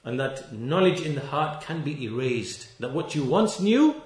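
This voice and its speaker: A man preaching a sermon, stressing key words and repeating them, reciting scripture verses quickly in between. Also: fairly high pitch, sing-song, darkish tone, roomy sound. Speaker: Islamic preacher.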